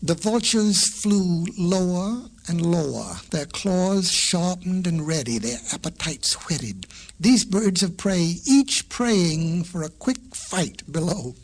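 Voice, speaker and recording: Man telling kids' fables, folksy, slow and kinda breathy. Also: sits high, expressive. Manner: folksy, addresses children. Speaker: storyteller. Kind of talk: storybook record narration for children.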